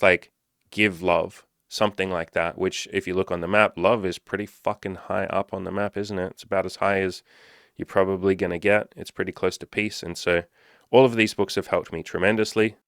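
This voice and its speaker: A man speaks straight to camera in a loose, profane, animated way. His voice sits on the low side and the sound is dry and close, with no room around it. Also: dry recording. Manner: profane, animated, acts out panicky inner voices. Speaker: self-improvement coach. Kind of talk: casual monologue to camera.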